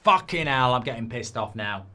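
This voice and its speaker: A man's voice: mid-range voice, lively intonation, normal speed, bright, forceful tone. A man hosts a live football watchalong, reading viewer comments aloud and breaking into exasperated, sweary outbursts at the game. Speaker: watchalong host.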